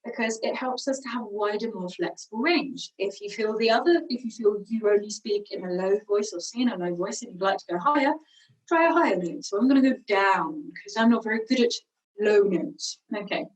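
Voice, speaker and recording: A woman teaching singing, calmly guiding a vocal warm-up with slow, encouraging cues. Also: mid-range voice, distant mic, rough recording. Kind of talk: guided vocal warm-up lesson.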